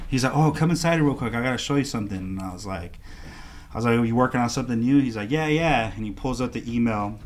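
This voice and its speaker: A man with a medium-pitched voice races through a casual story as a guest on a podcast. He's an artist and an animated storyteller who acts out the other people in it, quoting their dialogue.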